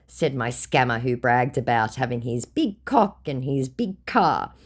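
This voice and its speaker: A woman hosting her channel, retelling a scammer chat in a sarcastic, expressive way. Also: extremely low pitch, normal speed, few pauses. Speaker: channel host.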